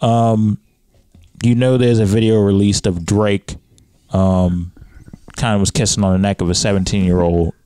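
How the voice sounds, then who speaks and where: Low-voiced male podcast host. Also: little pitch movement, moderate pace, mellow, a little hiss or hum. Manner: leads with questions, rising pitch when pressing a point. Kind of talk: casual podcast conversation.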